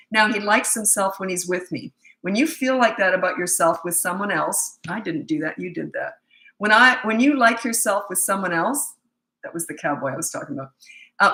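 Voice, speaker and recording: A middle-aged woman coaching parents, telling a story in a direct, no-nonsense, animated way. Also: medium pitch, roomy sound, low-quality recording. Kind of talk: casual storytelling advice.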